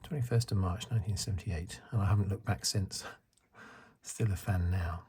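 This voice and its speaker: A man in his fifties from the UK, talking in a soft-spoken ASMR chat, rambling and correcting himself. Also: low-pitched, normal speed, husky. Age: 50s. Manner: rambling, self-correcting, chuckles. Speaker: ASMR channel host.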